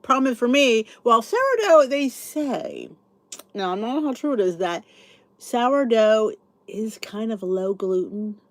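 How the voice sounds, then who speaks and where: A woman's voice: on the high side, unhurried, no echo. A middle-aged woman hosting a podcast, chatting in a rambling, sleepy way as she thinks aloud and answers comments. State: sleepy, yawning. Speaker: podcast host. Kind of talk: casual chat reading live comments.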